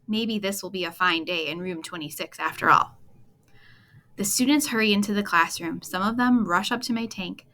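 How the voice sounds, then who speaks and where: A woman reading a children's chapter book aloud at bedtime, expressive and playful, talking to young listeners. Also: medium pitch, normal speed, slight background noise. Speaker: storytime reader.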